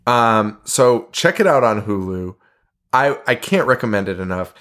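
A man's voice: lowish voice, animated, normal speed, fairly bright tone. A man co-hosting a podcast in casual chat, laughing often and swearing as he retells scenes. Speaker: podcast co-host.

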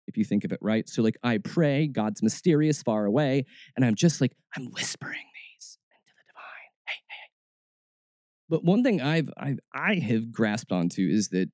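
A man's voice: mid-range voice, mellow, dry recording, clean studio sound. A man hosting a faith podcast, talking in a casual, reflective way and often restarting his words. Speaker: podcast host.

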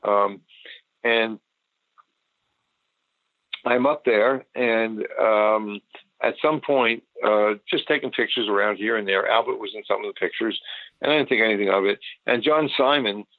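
A man's voice: fairly low pitch, measured pace, long pauses, dry recording. An older man, a photographer, recalling his past in a rambling, casual interview. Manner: rambling, with many restarts and fillers. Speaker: photographer guest. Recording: tinny phone line, dry.

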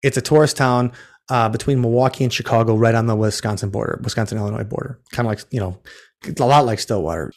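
This ghost tour operator has a mid-range voice and talks quickly. In a casual interview he tells a story, rambling, correcting himself, starting over, and acting out what people said.

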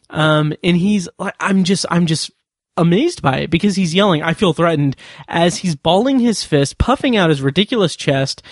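A man with a slightly high voice talks loosely as a podcast host, stumbling through fillers and restarts. The sound is dry and close, with no room around it. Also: no echo. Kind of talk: casual review talk.

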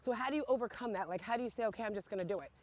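A woman audience member in casual chat, talking in a fast, upbeat way. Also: fairly high pitch, darkish tone.

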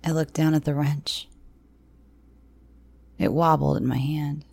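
A woman narrating dark first-person audio fiction in a slow, hushed, often near-whispered manner. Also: low-pitched, fairly even intonation, gravelly, breathy edge, no room sound.

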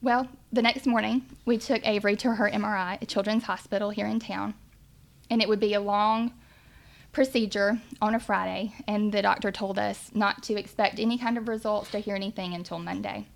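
A woman's voice: medium pitch, fairly even intonation, fairly quick, creaky. A woman, earnestly telling her family's faith testimony. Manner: earnest, emotional, faith-filled. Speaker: mother sharing a testimony. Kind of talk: personal testimony storytelling.

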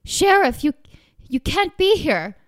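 A woman voicing a frightened, battered young farm wife in a storybook reading, pleading in a high, breathless voice. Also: animated, unhurried. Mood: panicked.

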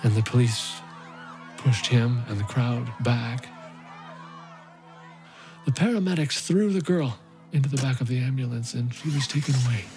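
A man's voice: medium pitch, animated, moderate pace, pauses often, music in the background, a crowd in the background, lightly acted. A man playing a haunted rescue volunteer. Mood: shaken. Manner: intense, emotionally raw. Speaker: narrator. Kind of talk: dramatic first-person monologue.

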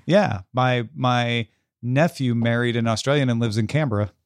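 A man's voice: mid-range voice, normal speed, smooth, no echo. Dry, wry man podcast co-host. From United States. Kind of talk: casual podcast chat.

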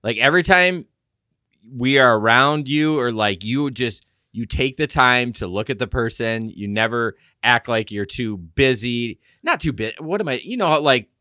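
A man co-hosting a podcast, chatting casually and reacting with excitement. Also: mid-range voice, moderate pace, no room sound, clean studio sound. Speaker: podcast co-host. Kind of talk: casual chat.

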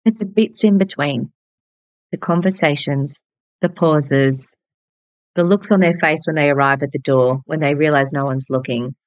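An Australian woman in her forties talks through her own stories, bubbly and frank, dropping the odd swear word. Her voice sits fairly low, and the recording is close and dry. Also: normal speed, no room sound. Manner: bubbly and candid, swears casually. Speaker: podcast host and hairdresser. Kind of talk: personal storytelling monologue.

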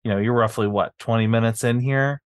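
A man's voice: mid-range voice, steady tone, brisk. A guest on a film podcast, a man who chimes in with agreeable comments about the movie. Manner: agreeable, chimes in with short remarks. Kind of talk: casual movie discussion.

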